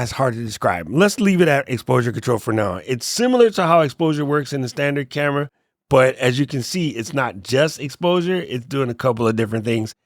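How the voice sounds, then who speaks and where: A man hosting a casual tech tutorial, relaxed and joking, often letting his voice drop off at the ends of sentences. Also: on the high side, no echo, clean studio sound. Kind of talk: casual screen walkthrough tutorial.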